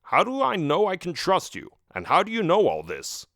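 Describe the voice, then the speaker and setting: A man's voice: high voice, huge pitch swings, moderate pace, sharp tone, no echo, studio quality, voice pushed up, heavily acted. A man voicing a skeptical, nervous male village mayor in a children's audiobook. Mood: anxious. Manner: doubtful, anxious questioning.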